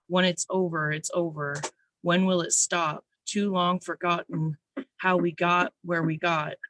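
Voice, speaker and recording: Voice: mid-range voice, a bit bright, no room sound. A poet reading their own spoken word poems at an online open mic, nervous but intense.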